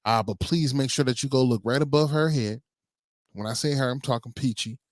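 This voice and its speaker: A man's voice: mid-range voice, a little fast, no echo, clean studio sound. A man co-hosting a casual livestream talk show, easygoing and a little rambling. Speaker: co-host.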